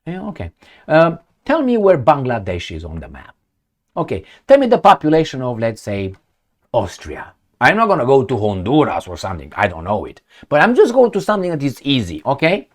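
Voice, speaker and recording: Blunt, sarcastic man with a lively voice. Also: medium pitch, a little fast. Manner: rambling, with searching fillers. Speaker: political commentary host. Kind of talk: opinionated solo commentary.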